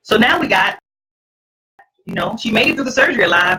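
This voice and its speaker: A middle-aged woman, host, telling her personal testimony to an audience in an emphatic, preacherly way, with a husky voice. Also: medium pitch, huge pitch swings, a little fast, sharp tone, poor audio.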